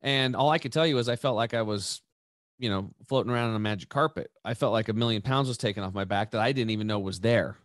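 A fast-talking man with a lowish voice hosts a podcast, casually relating a personal story. Animated and rambling, he repeats and restarts constantly, peppering it with "dude" and "right," in studio-quality sound with no echo.

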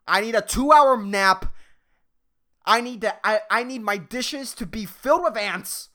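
A man's voice: sits high, measured pace, pushed and bright. A young man hosting a podcast, rambling through a comedic rant full of slang and swearing, often laughing at his own jokes. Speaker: podcast host.

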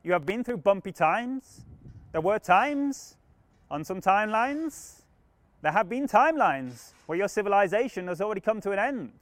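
A man's voice: high-pitched, sing-song, normal speed, no echo. A man channeling a benevolent alien collective. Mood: earnest. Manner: earnest, formal new-age pronouncements. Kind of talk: channeling session.

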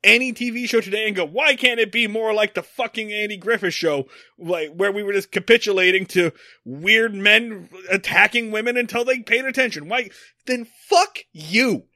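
Man, high bright voice, lively swings, profane ranting podcast host. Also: fairly quick, few pauses, no echo, clean studio sound. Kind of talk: casual chat.

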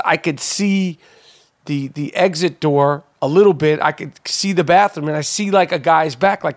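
High-voiced man telling a wild story. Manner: animated, profane, talks with lots of fillers and restarts. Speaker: podcast host. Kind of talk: casual podcast storytelling.

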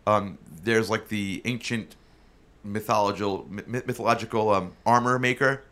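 A man hosting a casual podcast chat who talks in an animated, rambling way with frequent restarts. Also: fairly low pitch, moderate pace.

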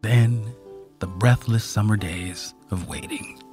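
A storyteller reading a story aloud, unhurried and expressive. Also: medium pitch, soft background music. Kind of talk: storybook narration.

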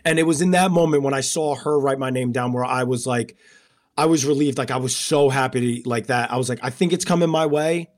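A man's voice: medium pitch, steady tone, brisk. A man co-hosting a casual podcast chat, talking in long, rambling, heartfelt stretches full of fillers. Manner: rambling and emotional, many fillers. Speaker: podcast co-host and former contestant.

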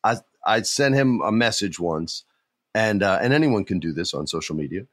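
Dad on a podcast, hyped and laughing a lot, dry close sound. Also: male voice, fairly low pitch, moderate pace, no echo. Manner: excitable, laughs often, fan enthusiasm. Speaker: podcast co-host. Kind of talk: casual podcast chat.

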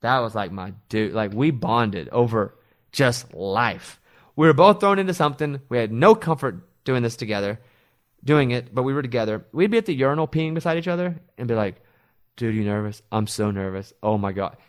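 A middle-aged man, a radio host, chatting casually and telling animated stories with quoted voices. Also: medium pitch, brisk. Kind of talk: casual chat.

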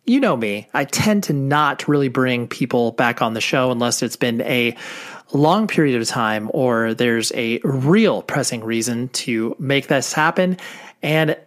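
A man's voice: medium pitch, animated, a little slow, a bit bright. A man hosting a podcast, giving a chatty, upbeat introduction and repeating words for emphasis. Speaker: podcast host.

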